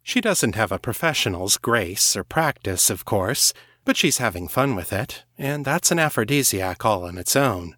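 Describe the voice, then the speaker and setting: A low-voiced man reads a first-person audiobook story in a measured, even way. The recording is dry, with no room sound around him. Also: no echo. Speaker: audiobook narrator. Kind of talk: scripted first-person narration.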